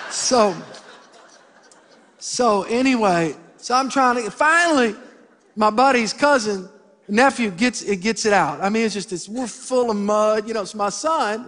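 A middle-aged male pastor preaching a sermon, telling a funny story with lively asides to the congregation. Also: high voice. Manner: animated, humorous storytelling with voiced asides to the congregation. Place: church sanctuary. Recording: church hall with long reverb.

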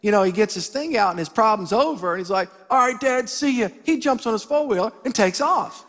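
Middle-aged guy preaching, high voice, cracking jokes and telling a story, big echoey church hall. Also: quick pace. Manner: animated, humorous storytelling with voiced asides to the congregation. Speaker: pastor. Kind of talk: sermon with storytelling. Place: church sanctuary. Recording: church hall with long reverb.

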